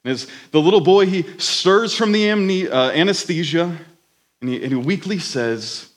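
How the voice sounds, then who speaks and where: A man's voice: high voice, expressive, moderate pace. A man preaching a sermon, telling a story dramatically and building emphatic lists. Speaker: worship leader preaching.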